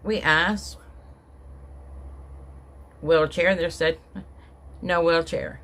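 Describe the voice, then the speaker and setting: A middle-aged woman recounts a personal travel story to camera at a slow, unhurried pace. She rambles, restarts her sentences, and lets her feelings about what happened show in a casual, heartfelt vlog delivery. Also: low voice, fairly even intonation, fairly bright tone. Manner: rambling, with many restarts and asides; emotional, recounting being upset. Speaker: vlogger.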